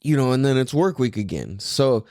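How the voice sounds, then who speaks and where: Young male podcast host, surfer slang, lively voice, dry close mic. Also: medium pitch, moderate pace, dry recording. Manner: laid-back surfer slang, swearing, lots of "like" and "dude". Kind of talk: casual podcast monologue.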